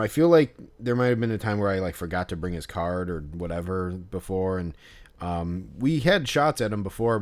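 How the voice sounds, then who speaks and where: A man's voice: fairly low pitch, a little mellow. A man co-hosting a podcast in casual chat, telling stories in a laid-back, rambling way. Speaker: podcast co-host.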